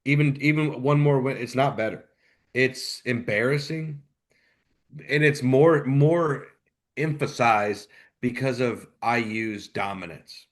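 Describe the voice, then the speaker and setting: A man co-hosting a live sports podcast, ranting with sudden swings between loud outbursts and low mutters. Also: slow pace. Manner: ranting, animated, jumps between loud and quiet. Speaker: podcast co-host. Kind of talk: live postgame sports chat.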